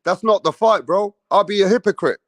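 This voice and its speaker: A man's voice: sits high, a little fast, fairly bright tone, no echo, studio quality. A man putting on a brash, swearing London boxing fan with a put-on London accent. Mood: rowdy. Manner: swearing, slangy, boisterous.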